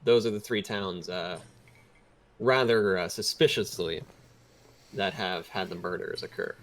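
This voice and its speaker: A man as dungeon master, narrating and speaking for characters in a measured, expository way. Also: deep voice. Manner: expository, measured, with many fillers. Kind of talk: narrating a tabletop game in character.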